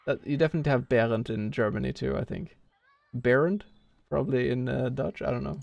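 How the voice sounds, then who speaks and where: A man's voice: medium pitch, quick pace, creaky, a little mellow, dry recording. A man streaming a speedrun, rambling casually and thinking aloud with lots of filler words. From Norway. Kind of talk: casual live-stream chat while playing.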